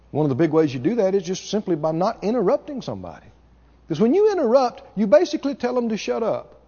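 Animated male preacher in a reverberant hall. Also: sits high, fast talker. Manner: emphatic, repeats key words, mimics people with laughter. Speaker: pastor. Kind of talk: sermon. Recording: dull reverberant hall recording.

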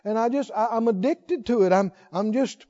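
A man's voice: very high voice, moderate pace, dark tone. A man voicing a desperate young man who pleads again and again that he cannot quit smoking, heard in a dull lo-fi recording. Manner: whiny, pleading, repeating himself.

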